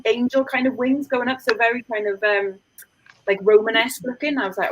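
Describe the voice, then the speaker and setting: A woman's voice: on the high side, steady tone, a little fast, low-quality recording. A woman hosting a casual chat, rambling along with lots of likes and ums. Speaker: host.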